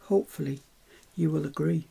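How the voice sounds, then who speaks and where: An older woman talks viewers through a craft project in a relaxed, chatty way. Her voice is strongly gravelly, dark and a little husky. She throws in self-mocking asides as she works. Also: deep voice, fairly quick. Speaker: craft tutor. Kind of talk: live craft demonstration.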